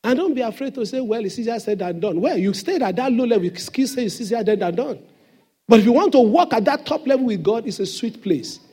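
Pastor with a high, husky voice. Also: male voice, lively intonation, fast talker, warm tone. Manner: emphatic call-and-response preaching. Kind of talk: sermon. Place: church.

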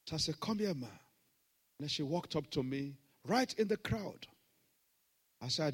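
A middle-aged man preaching a sermon, swinging between shouted proclamations and hushed storytelling. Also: mid-range voice, expressive, unhurried, long pauses, breathy edge. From Nigeria. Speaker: pastor.

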